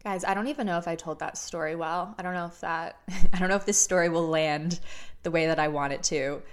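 A young woman in her twenties talks straight to camera as a casual storyteller. Her voice sits a little low for a woman. She is candid and chatty, swears freely, and restarts her sentences as her thoughts catch up. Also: a little fast. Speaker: vlogger.

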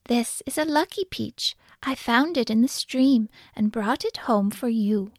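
A woman's voice: on the high side, a little slow, no echo, clean studio sound. A woman voicing a kind, poor old woman in a spoken storybook, with a raised, exclaiming voice. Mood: delighted.

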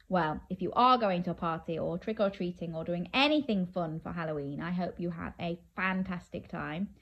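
A woman reading a children's picture book aloud, playful and animated, inviting the listener to join in, with drawn-out dramatic pauses. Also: on the low side, lo-fi sound. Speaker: children's story reader.

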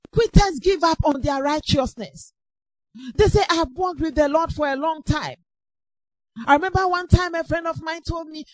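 A woman preaching a sermon with impassioned, repetitive exhortation that rises to shouts. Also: high-pitched, no echo, poor audio.

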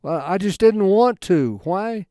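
A man giving an informal Bible study talk in a folksy, rambling way, halting often and restarting his sentences. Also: high voice, expressive, mellow, no echo, studio quality. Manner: folksy, conversational storytelling. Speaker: Bible teacher.

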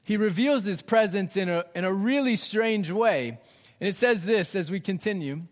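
A man in his thirties preaching a sermon as pastor, swinging from raised emphasis down to hushed, near-whispered lines. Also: high-pitched, lively intonation, moderate pace. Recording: long hall reverb.

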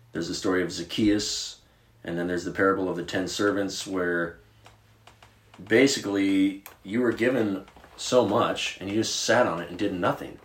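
Man, very low voice, casual podcast co-host, storytelling, roomy echo. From Virginia. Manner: conversational, animated storytelling with filler words. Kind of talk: casual Bible discussion.

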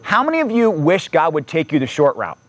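A man's voice: on the high side, wildly swooping pitch, fairly quick. A man preaching a sermon in a conversational way, reading scripture aloud and adding casual asides. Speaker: pastor.

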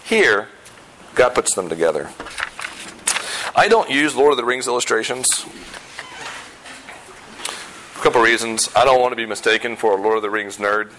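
A man's voice: mid-range voice, expressive, brisk, bright, forceful tone, a little hiss or hum, rough recording. Conversational male pastor preaching. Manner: conversational, self-deprecating humor; emphatic, repeats key phrases. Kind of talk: sermon.

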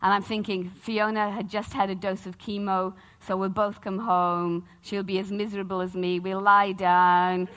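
Animated woman preaching. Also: medium pitch, normal speed, few pauses. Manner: animated, humorous storytelling with acted-out quotes. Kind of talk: sermon.

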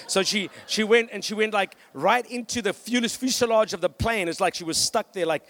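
A man's voice: high-pitched, fairly quick, hardly any pauses. A male pastor preaching a sermon with energy, telling stories and calling out to the congregation. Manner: energetic, with storytelling and "come on" calls to the congregation.

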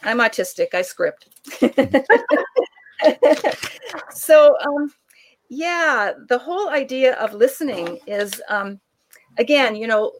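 A woman guest telling a long anecdote in conversation, animated and laughing often, acting out the people she quotes. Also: fairly high pitch, takes it slowly, long pauses. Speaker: author and guest. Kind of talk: conversational storytelling.

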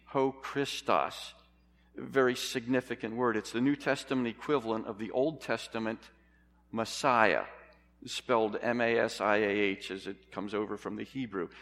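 A man's voice: mid-range voice, a bit bright, in a large hall. A man preaching a sermon in an earnest, emphatic way, putting questions to his congregation.

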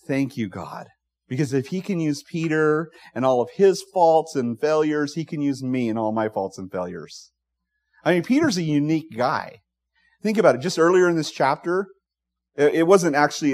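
A man's voice: medium pitch, darkish tone. A middle-aged male pastor preaching a conversational expository sermon, acting out quoted voices and asides.

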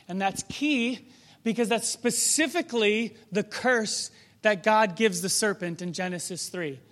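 A man's voice: sits high, measured pace, a bit bright. A man preaching a sermon in a conversational, reflective way, often posing rhetorical questions to the congregation.

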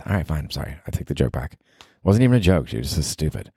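Deep-voiced profane rambling comedian. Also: male voice, huge pitch swings, quick pace, vocal fry, darkish tone, slightly rough, no echo, clean studio sound. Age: 40s. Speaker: comedian podcast host. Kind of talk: casual comedic monologue. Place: bedroom at night.

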